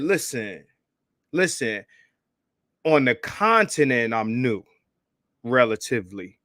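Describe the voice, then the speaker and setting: A man hosting a casual livestream, hyped and profane, calling out shout-outs to viewers and begging for likes. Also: fairly high pitch, animated, measured pace, long pauses, dry recording, studio quality. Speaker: livestream host.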